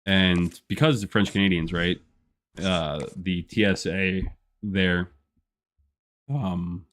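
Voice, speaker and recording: A man's voice: low voice, fairly even intonation, takes it slowly, a bit bright. A young man chatting casually on a live gameplay stream, rambling with lots of fillers and frequent laughs. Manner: rambling, laid-back, many "like" fillers, laughs often. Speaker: gaming streamer.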